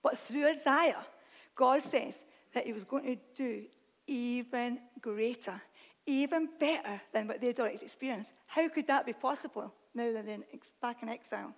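A woman preaching a sermon, reading scripture aloud with animated, self-deprecating asides. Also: a little high, normal speed. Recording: long hall reverb.

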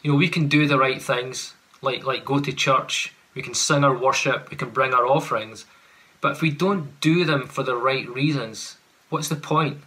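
A man's voice: mid-range voice, moderate pace, pushed and bright. A man preaching a sermon, earnest and full of rhetorical questions, at times acting out sarcastic paraphrases.

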